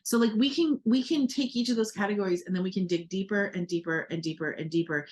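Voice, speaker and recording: A medium-pitched American woman co-hosting a podcast speaks at a quick pace in casual conversation. She's reflective and earnest, often using fillers and restarting her sentences.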